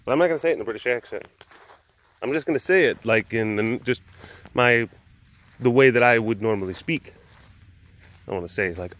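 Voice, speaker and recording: A man's voice: medium pitch, a little hiss or hum. A man hosting a casual outdoor vlog, talking in a playful, rambling way and often repeating himself. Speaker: vlog host.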